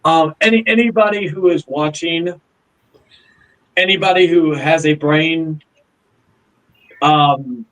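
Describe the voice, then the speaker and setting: Sex: male. Role: livestream host. Pitch: fairly high. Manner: halting and repetitive, pressing hard questions. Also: a bit bright, rough recording. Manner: stammering, repeats words, pointed questions. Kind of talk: heated livestream call discussion.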